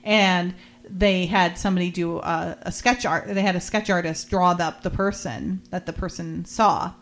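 Speaking at normal speed in a lowish, steady voice, a podcast host casually recaps a TV episode. She retells the scenes in relaxed chat, acting out characters' lines lightly as she quotes them and laughing frequently.

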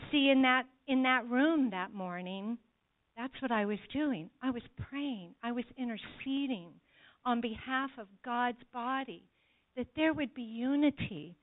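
A woman's voice: fairly high pitch, unhurried. A woman giving an earnest sermon testimony to a church congregation, speaking to them directly. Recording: tinny phone-like sound.

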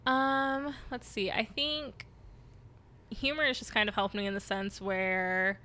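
Bright-voiced young woman telling stories. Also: mid-range voice, fairly even intonation, takes it slowly. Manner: open, storytelling, light self-deprecating laughs. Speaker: podcast guest. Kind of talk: casual podcast interview.

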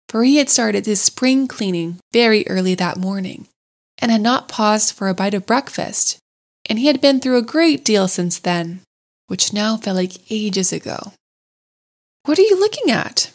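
A woman narrates a classic storybook in a gentle, measured voice. Her pitch sits in an ordinary middle range, calm and unhurried. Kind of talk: storybook read-aloud.

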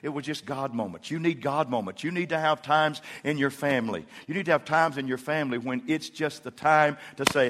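A middle-aged man preaching a sermon, with folksy storytelling that swells into loud, emphatic preaching. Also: on the high side, a little fast, few pauses. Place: church sanctuary.

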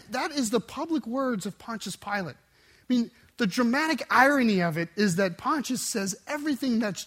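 A man with a notably high voice delivers a sermon. He preaches with intense emphasis, rising into forceful bursts and then dropping to quiet, low endings. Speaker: pastor.

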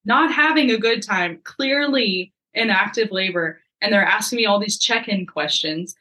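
A young woman with a bright, forward voice, sharing a story in a relaxed and chatty way. She keeps things lively and plays out other people's dialogue as she talks. Her voice sits at an average pitch for a woman. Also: normal speed, low-quality recording. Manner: lively, acts out quoted dialogue. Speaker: podcast guest. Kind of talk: casual storytelling.

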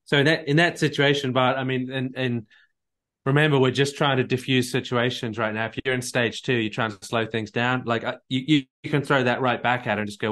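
On a recorded live call, a relationship coach advises a caller earnestly, often repeating words as he thinks and acting out sample dialogues. His mid-range voice is steady, fairly bright, and fairly quick.

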